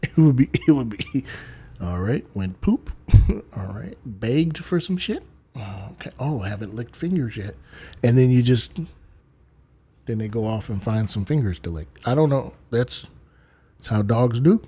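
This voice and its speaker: Brief: livestream host, man, rambling storyteller, very lively pitch. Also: unhurried, slightly rough. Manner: rambling storyteller, slips in voices. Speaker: live stream host. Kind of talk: casual comedic chat on a live stream.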